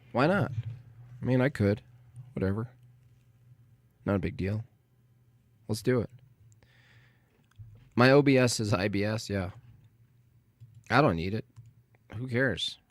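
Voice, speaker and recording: A Canadian man with a lowish voice hosts a livestream, rambling and joking with his chat while fixing his stream setup. The recording has no room sound.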